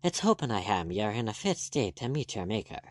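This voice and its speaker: A man's voice: fairly low pitch, sing-song, a little fast, dry recording, studio quality. A man doing a curt, commanding doctor. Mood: urgent. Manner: snappish, peremptory.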